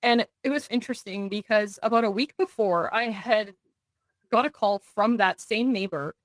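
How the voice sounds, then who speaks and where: A woman's voice: medium pitch, moderate pace, dry recording. A young adult woman recounting a personal story in an earnest way, acting out what others said. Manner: earnest, tells events in vivid runs with quoted dialogue. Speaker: guest. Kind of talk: personal story in a podcast interview.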